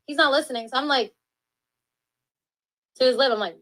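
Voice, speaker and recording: High-voiced woman telling a story. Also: fairly quick, a bit bright, poor audio. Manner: chatty storytelling with "like" quotes. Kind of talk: casual podcast chat.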